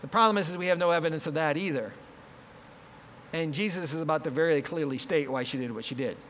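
A man's voice: on the high side, quick pace, a bit bright, a little hiss or hum. Man preaching in an echoey hall. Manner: conversational preaching, acts out quoted voices. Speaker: pastor. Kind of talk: sermon. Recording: long reverb, faint ambience.

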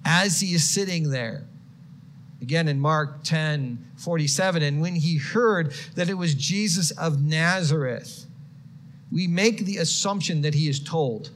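Male preacher, expressive sermon delivery, slight background noise. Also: on the high side, unhurried. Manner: expressive, swings from quiet to shouted quotes.

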